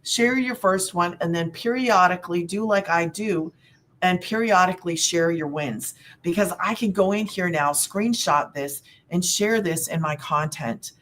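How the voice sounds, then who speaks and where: Middle-aged lady rambling on a webinar, upbeat and chatty, kinda low voice. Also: measured pace, a bit bright. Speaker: side hustle coach. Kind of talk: casual webinar talk.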